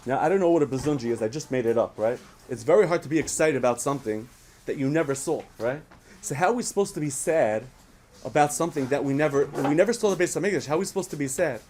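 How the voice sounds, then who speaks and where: A man's voice: on the high side, fast talker, a little hiss or hum. Storytelling man teaching children. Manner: asks the audience questions, animated storytelling. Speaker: speaker at a children's program.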